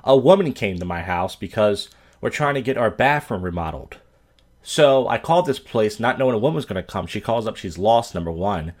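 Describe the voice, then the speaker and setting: A man's voice: fairly low pitch, lively intonation, fairly quick. A man from Philadelphia hosting a podcast, telling stories and giving blunt, profane commentary. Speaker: podcast host. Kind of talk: crude ranting commentary.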